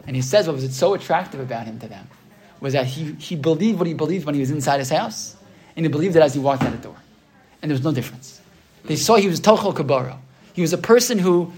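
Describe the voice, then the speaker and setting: A man giving an earnest sermon, telling a story and often repeating his phrases and asking "right?". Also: on the high side.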